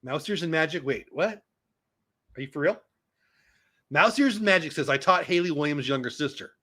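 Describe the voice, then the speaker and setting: A man in his fifties hosting a casual live stream, reading viewer comments aloud and reacting with excitable, chatty asides. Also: on the high side, moderate pace. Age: 50s. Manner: animated, excitable, talks back to chat.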